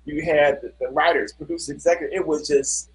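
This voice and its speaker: A man's voice: fairly high pitch, fairly even intonation, a little fast, low-quality recording. A middle-aged man, a guest musician, telling stories in a casual interview with an earnest manner and many fillers.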